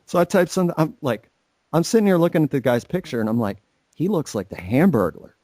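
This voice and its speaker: A man's voice: on the high side, sing-song, fast, warm tone, no echo. A young man co-hosting a casual podcast, rambling and swearing, mocking people in put-on voices. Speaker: podcast co-host. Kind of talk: casual profane chat.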